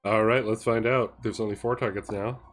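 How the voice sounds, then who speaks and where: A man's voice: on the low side, steady tone, normal speed, a bit bright, faint music behind. Man narrating as game master. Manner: laughs often while narrating.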